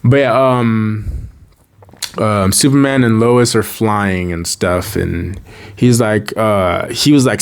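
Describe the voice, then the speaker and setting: A man casually reviewing a show, rambling and joking, breaking into sudden high dramatic outbursts. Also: takes it slowly, clean tone. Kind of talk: casual video review commentary.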